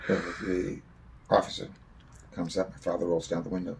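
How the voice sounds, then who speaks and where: A man's voice: sits low, little pitch movement, normal speed, creaky, darkish tone, a little hiss or hum. A man telling a long, rambling personal story in a casual spoken way, swearing freely.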